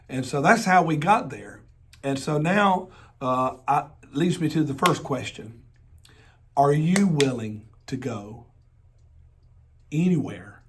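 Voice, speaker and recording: Hoarse Southern pastor telling stories. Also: male voice, fairly high pitch. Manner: folksy, joking asides and repeated rhetorical questions. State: hoarse from laryngitis. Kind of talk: personal storytelling sermon.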